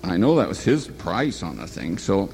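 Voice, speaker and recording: A man's voice: low voice, very animated, moderate pace, gravelly, a little mellow, a little hiss or hum. An older man telling a long personal anecdote in a folksy, meandering way, often stopping to correct himself. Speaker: storyteller. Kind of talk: rambling spoken anecdote.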